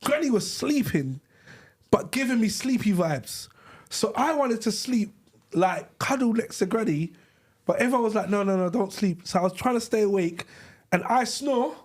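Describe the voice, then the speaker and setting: A man, a podcast co-host telling lively, laughing stories in casual slang. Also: high-pitched, moderate pace. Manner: animated, laughing storyteller with slang. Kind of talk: casual storytelling with friends. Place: live podcast studio.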